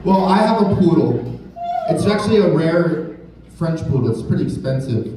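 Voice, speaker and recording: A man's voice: a little high, lively intonation, normal speed. A man from Canada doing a crude, rambling stand-up set, swearing a lot. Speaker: stand-up comedian. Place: large indoor hall, live show. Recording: echoey hall from far off, crowd noise. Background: audience laughter.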